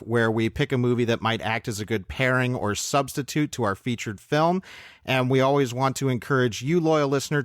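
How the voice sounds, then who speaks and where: A man co-hosting a film review podcast, talking in a measured, thoughtful way with clear opinions. His voice sits at an ordinary middle pitch. The sound is dry and close, with no room echo. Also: a bit bright. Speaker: podcast co-host. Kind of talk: casual film review chat.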